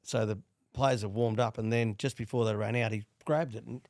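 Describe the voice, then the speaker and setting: A middle-aged Australian man, a former player and coach, telling animated stories in a casual interview. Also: on the low side, brisk, dry recording, clean studio sound. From Queensland, Australia. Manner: animated storyteller with restarts and laughs. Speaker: guest, former rugby league player and coach.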